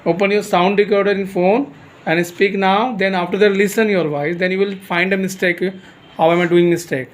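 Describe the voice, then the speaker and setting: A man's voice: high voice, fairly even intonation, moderate pace. A man teaching a spoken class, directing students and calling on them by name. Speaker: English teacher. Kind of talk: classroom instruction.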